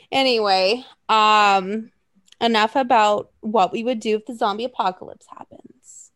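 A woman's voice: medium pitch, measured pace, a bit bright, no echo. A woman co-hosting a casual chat, rambling and joking, swearing freely. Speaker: podcast co-host.

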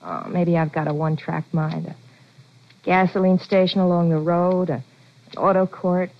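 A woman's voice: on the low side, level tone, moderate pace, lightly acted. A woman playing an anxious, devoted boxer's wife in 1940s radio acting, earnest and pleading. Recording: dull lo-fi old radio recording.

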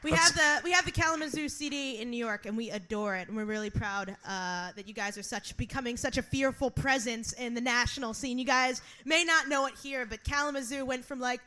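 A woman's voice: a little high, fairly quick, hardly any pauses, bright, forceful tone. A woman guest-hosting a live poetry slam, enthusiastic and casual, swearing freely. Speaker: guest host. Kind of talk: live stage banter.

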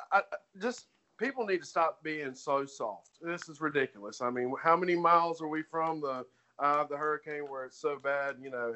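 A man co-hosting a sports betting podcast, blunt and halting with many restarts. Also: a little high, pushed and bright, dull audio. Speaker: podcast co-host. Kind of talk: casual sports betting chat.

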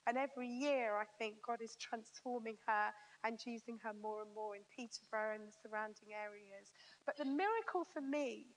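A woman telling a story as a sermon to a women's gathering, lively and acting out what people said. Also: a little high, normal speed. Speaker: Christian speaker. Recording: long reverb of a large hall.

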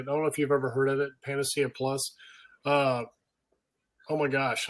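An older man, a guest on a podcast, telling stories in casual chat and acting out the people he quotes. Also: medium pitch. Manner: animated storyteller, acts out quotes. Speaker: podcast guest, pro turf manager.

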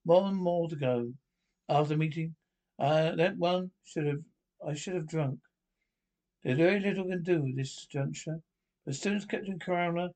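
A fussy, hesitant ship's officer. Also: male voice, on the high side, darkish tone. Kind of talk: 1960s British film comedy acting.

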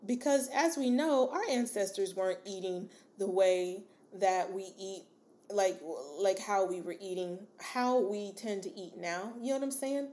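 A woman's voice: medium pitch, unhurried, darkish tone. A woman hosting a solo podcast, talking casually and encouragingly to her listeners with lots of fillers and asides. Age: adult with a daughter. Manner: casual, chatty, rambling with many fillers and asides; addresses listener as sis, encouraging. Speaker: podcast host.

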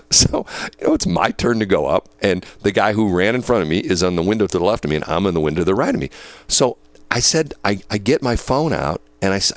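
Guy w a lowish voice telling a story, really animated, lots of "you know"s, dry sound. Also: dry recording. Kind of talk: casual storytelling chat.

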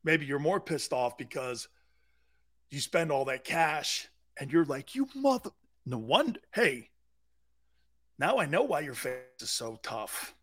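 A man's voice: medium pitch, measured pace, slightly rough. A man hosting a sports radio show, ranting in a comic way and acting out angry fans. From United States. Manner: animated, acts out angry fans in bursts. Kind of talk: loud comic sports talk rant.

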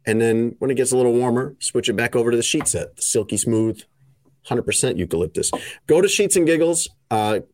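A man's voice: medium pitch, a little fast, darkish tone, no echo. A man hosting a casual podcast chat, teasing his co-hosts and reading an ad in an easygoing way. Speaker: podcast host.

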